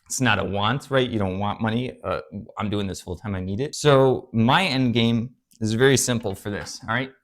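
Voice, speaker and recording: A young man who resells on eBay talks casually to camera on his own channel while drawing on a board. His voice is lowish and his pace moderate. He's earnest but rambling, with fillers and restarts as he lays out his views.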